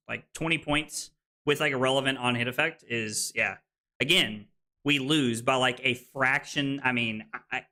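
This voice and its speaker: A man's voice: mid-range voice, pushed and bright. A man casually commentating his own card game on a live stream, frustrated and swearing, with hiccups and something stuck in his throat.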